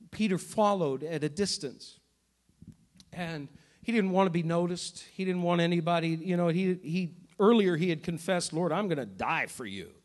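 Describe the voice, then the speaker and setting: A man preaching a sermon as pastor, passionate and repetitive in his delivery. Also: a little high.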